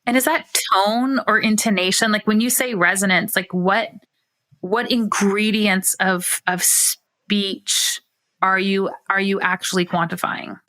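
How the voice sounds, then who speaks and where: A woman's voice: mid-range voice, steady tone, measured pace, fairly bright tone. A woman clinician hosting a podcast interview, asking long, chatty questions full of fillers.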